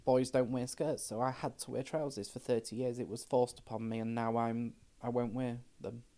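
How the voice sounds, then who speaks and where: A woman's voice: very deep voice, flat delivery, normal speed, mellow. A middle-aged trans woman, talking frankly as a podcast guest and telling stories with quoted dialogue. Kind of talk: casual chat.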